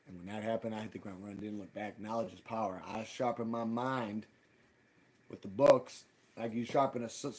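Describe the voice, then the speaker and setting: A man's voice: lowish voice, darkish tone, a little hiss or hum. A man hosting a live stream, telling a heated, profane story and acting out both sides of past arguments. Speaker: livestream host.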